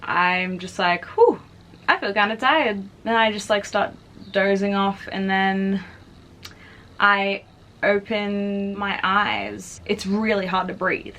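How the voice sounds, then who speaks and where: A woman's voice: mid-range voice, level tone, slow pace, bright, forceful tone, a little hiss or hum. A young adult woman vlogger casually telling a personal story, chatty and full of fillers. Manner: chatty, filler-heavy, frequently says "like".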